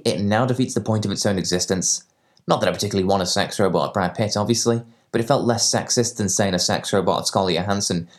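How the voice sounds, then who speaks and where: A man's voice: lowish voice, darkish tone. A man delivering a scripted comedic film review in a sardonic, sweary way.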